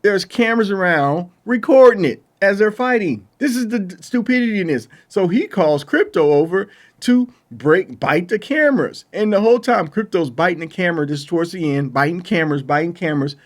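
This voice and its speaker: A man's voice: sits high, expressive, normal speed. A man giving a casual spoken film review, exasperated and ranting, with loose colloquial phrasing and frequent restarts. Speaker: movie reviewer.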